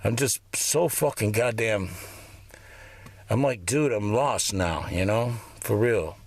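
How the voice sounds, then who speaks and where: A male vlogger in his fifties, with a fairly low voice, talks slowly on a recording with no room sound. His monologue is a bitter, rambling rant in which he swears constantly.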